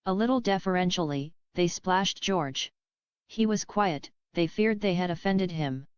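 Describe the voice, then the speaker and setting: A woman reading a classic novel aloud as scripted narration, in a measured way. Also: lowish voice, clean tone, no echo, lo-fi sound. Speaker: audiobook reader.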